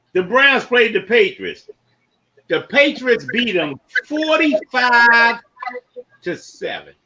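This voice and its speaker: A man hosting a casual sports podcast, running through football results and giving shout-outs to listeners by name. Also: very high-pitched, muffled recording. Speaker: podcast host.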